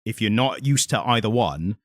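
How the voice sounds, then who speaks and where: A man co-hosting a podcast in casual chat, relaxed and jokey, laughing easily. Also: lowish voice, normal speed, no room sound, studio quality. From Britain. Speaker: podcast co-host.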